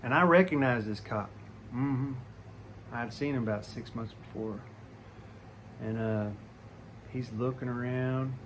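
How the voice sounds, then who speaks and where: A man's voice: mid-range voice, a little slow, pauses often, noisy background. A man telling a childhood story in a folksy, rambling way, full of restarts and asides. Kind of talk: casual storytelling.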